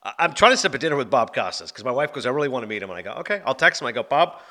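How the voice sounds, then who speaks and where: Man, podcast host, fast talker, bright tone, casual, anecdotal. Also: medium pitch. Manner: energetic, quick, anecdotal. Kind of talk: casual movie podcast chat.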